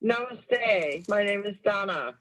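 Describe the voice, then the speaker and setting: A woman calling in to a radio show as a proud mother, speaking in an emotional, halting, grateful way. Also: mid-range voice, expressive, a bit bright. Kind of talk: call-in radio talk. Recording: dull lo-fi call line.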